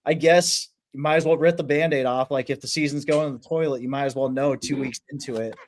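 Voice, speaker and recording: A man guesting on a sports podcast, talking casually and thinking out loud with many fillers. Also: medium pitch, steady tone, quick pace, slight background noise.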